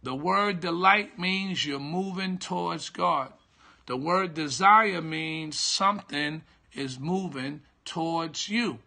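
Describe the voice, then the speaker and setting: A middle-aged man, a pastor, teaching a devotional slowly and repetitively, checking that listeners follow and greeting viewers by name. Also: a little high, gravelly, bright, forceful tone. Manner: slow, repetitive teaching with call-and-response checks. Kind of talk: live-streamed devotional teaching.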